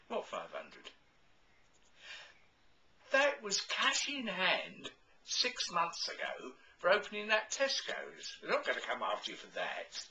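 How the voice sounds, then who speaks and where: Genteel, lively-voiced man on the phone. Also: high-pitched, a little slow, dull audio. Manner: genteel, chatty and fussy. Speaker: comedy performer. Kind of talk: one-sided comic phone call.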